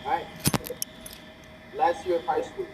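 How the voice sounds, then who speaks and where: A speaker casually improvising a fan story with a friend, animated and often checking in with "right?". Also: takes it slowly, heavy background noise. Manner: animated, pitch jumping high when voicing characters, frequent "right?".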